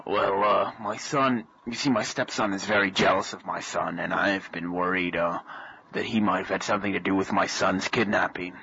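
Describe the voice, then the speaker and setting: A man voicing a nervous, stammering wealthy client in an amateur comedy radio play, hesitant with many pauses. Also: low-pitched, steady tone, sharp tone, full character voice. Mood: fretful. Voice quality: gravelly, hesitant with many uhs. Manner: stammering, fretful. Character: nervous wealthy male client, worried father. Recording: lo-fi with clear noise.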